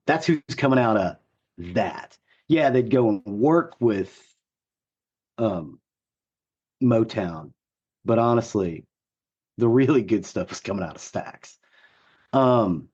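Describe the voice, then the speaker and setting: A man with a gruff, hoarse voice co-hosting a podcast, chatting enthusiastically with lots of fillers. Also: on the low side, darkish tone, muffled recording. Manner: enthusiastic, rambling with many fillers. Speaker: podcast co-host. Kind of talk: casual chat.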